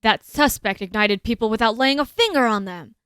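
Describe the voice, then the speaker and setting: A woman's voice: fairly high pitch, lively intonation, brisk, a bit bright, clear, resonant tone, no room sound. A woman voicing a dogged male police detective, reading his game lines aloud in her own voice. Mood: questioning. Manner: read plainly in her own voice. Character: gruff male NYPD detective, dogged and blunt.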